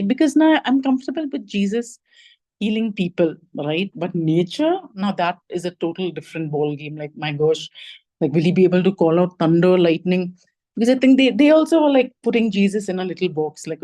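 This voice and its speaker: A woman's voice: medium pitch, animated, brisk, dark tone, poor audio. A woman giving a conversational sermon over a video call. She thinks aloud, says "like" and "you know" often, and asks her listeners reflective questions. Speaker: lay preacher giving the message.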